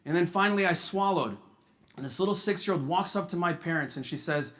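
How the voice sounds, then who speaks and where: High, bright-voiced male stand-up comedian. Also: brisk. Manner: punchy, animated delivery. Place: charity gala stage.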